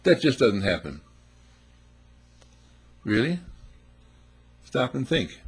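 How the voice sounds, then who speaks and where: Husky-voiced man preaching. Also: mid-range voice, big pitch swings, slow pace. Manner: emphatic, rhetorical questions, acts out little scenes. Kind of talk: sermon.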